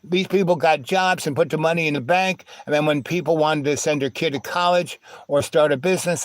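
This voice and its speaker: A man tells stories in an easy, conversational way. He acts out each quoted exchange with lively changes of voice. His voice sits a little high and sounds dry and close to the mic. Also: dry recording. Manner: animated storyteller acting out quoted dialogue. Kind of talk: casual storytelling.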